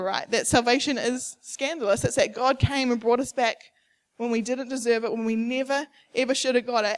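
A young adult woman preaching a sermon at a church service, emphatic and repetitive, acting out the people she quotes. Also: on the high side.

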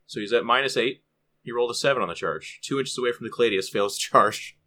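A man co-hosting a podcast, telling a lively anecdote and acting out the people in it. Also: mid-range voice, fast talker. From California. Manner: lively storyteller, acts out quotes. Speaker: podcast co-host.

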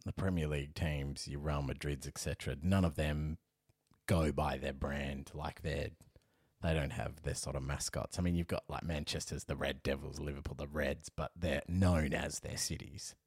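A man's voice: rumbling low, fairly even intonation, normal speed, darkish tone, breathy edge, no echo, clean studio sound. A man with an Australian accent co-hosting a casual podcast, chatty and self-mocking and often laughing. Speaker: podcast co-host. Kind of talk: casual chat.

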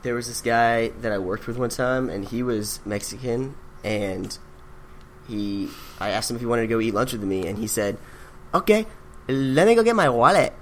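A man's voice: on the low side, steady tone, moderate pace, a little hiss or hum. A man co-hosting a podcast in casual chat, with dry teasing remarks. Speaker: podcast co-host.

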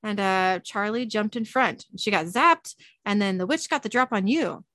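A woman voicing a gruff, protective grown man, a monster hunter who speaks in blunt, quick retorts. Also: medium pitch, fairly bright tone, no room sound, close to an everyday voice.

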